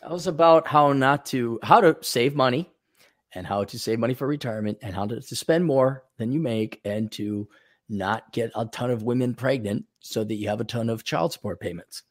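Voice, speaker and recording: A man's voice: mid-range voice, moderate pace, no echo, clean studio sound. A man co-hosting a casual podcast, reading news stories aloud with blunt, sarcastic asides. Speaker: podcast co-host.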